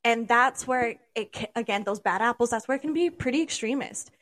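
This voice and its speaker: Woman podcaster arguing her case, kinda high voice, stumbles a bit, dry close mic. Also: brisk, a bit bright, no echo. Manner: argumentative, explains at length with stumbles. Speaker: podcast co-host. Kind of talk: casual debate.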